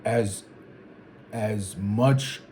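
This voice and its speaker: His voice is on the low side and darkish, with drawn-out words and a touch of hiss or hum. This young man from Zimbabwe is vlogging solo, thinking aloud reflectively to camera and circling back on phrases as he works things out.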